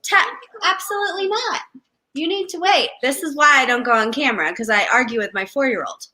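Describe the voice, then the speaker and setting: A woman from California, a guest in a casual live video chat, sassy and quick to joke back. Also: fairly high pitch, expressive, bright, forceful tone.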